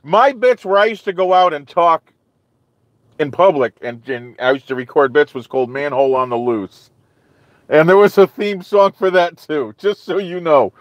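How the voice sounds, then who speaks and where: A man's voice: on the high side, moderate pace, no echo. Guy chatting on his live stream, rambly, lots of okay and you know, dry kinda dull audio. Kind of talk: casual chat with live viewers.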